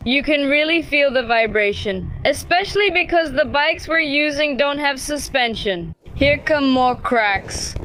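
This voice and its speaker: A woman casually vlogging on a cycling trip, calmly explaining the road and plans. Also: sits high, a little slow, few pauses, low-quality recording. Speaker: travel vlogger. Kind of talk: casual travel vlog chat.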